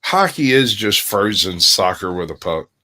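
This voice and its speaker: A man in casual podcast chat, joking around and telling stories with frequent pauses and fillers. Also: sits low, big pitch swings, pushed and bright. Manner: jokey, storytelling, frequent uh fillers.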